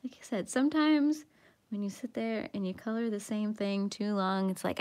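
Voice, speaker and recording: A woman's voice: medium pitch, normal speed, darkish tone, clear, resonant tone. A woman hosting a coloring livestream, chatting casually with viewers in a playful, self-mocking way and sometimes dropping to a whisper as she concentrates. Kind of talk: casual chat with live viewers.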